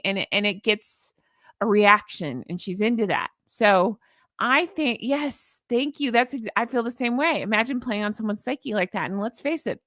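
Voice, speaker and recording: A middle-aged woman hosting a casual commentary stream, sarcastic and animated, reading out an article and answering her live chat. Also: on the high side, no room sound, clean studio sound. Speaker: commentary channel host.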